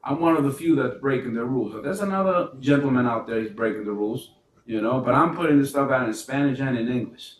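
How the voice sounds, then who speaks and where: A man giving a casual, animated business funding lesson, firing rhetorical questions and restarting his sentences often. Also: medium pitch, fast talker. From New York. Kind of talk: casual teaching monologue. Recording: echoey room, mic at a distance.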